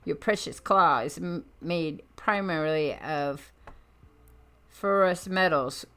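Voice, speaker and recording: A woman voicing a calm, resolute male mutant leader in a comic reading, measured and matter-of-fact. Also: sits low, full character voice.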